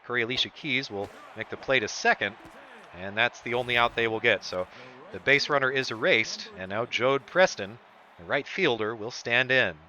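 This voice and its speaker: Doing play-by-play for a baseball video game he's streaming, a man talks at a moderate pace in a medium-pitched, pushed, bright voice that leaps up on big plays, broadcaster-style. The audio is dull with a little hiss or hum.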